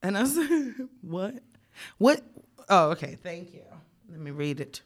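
A woman's voice: fairly low pitch, sing-song, measured pace. A young woman co-hosting a podcast, telling a story bluntly and candidly, often laughing. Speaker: podcast co-host. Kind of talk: casual podcast chat.

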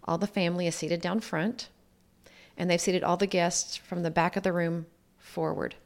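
A woman guest with a lowish voice, vocal fry, and fairly even intonation recounts her life at a normal pace. Reflective and earnest, she voices what others told her as she goes.

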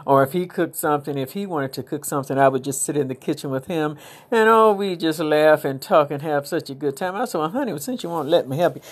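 A woman's voice: low voice, fast. A middle-aged woman hosting a podcast, talking in a rambling, casual, inspirational monologue with preachy asides. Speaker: podcast host.

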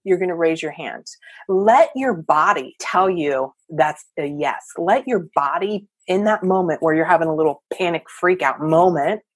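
Husky, emphatic woman coach. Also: deep voice, normal speed, no echo. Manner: energetic, emphatic, motivational. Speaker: coach and therapist guest. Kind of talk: podcast interview.

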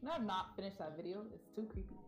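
A woman's voice: medium pitch, expressive, fast, reverberant. A young woman co-hosting a casual podcast, talking loosely with many fillers. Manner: casual, filler-heavy talk. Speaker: podcast co-host.

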